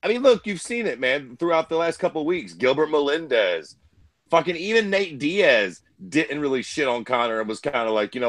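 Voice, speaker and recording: A man's voice: a little high, animated, normal speed, a bit bright, no room sound. A man from Ohio co-hosting a fight talk show, ranting bluntly and crudely. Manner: blunt, crude, heated rants. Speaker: co-host. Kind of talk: profane casual chat.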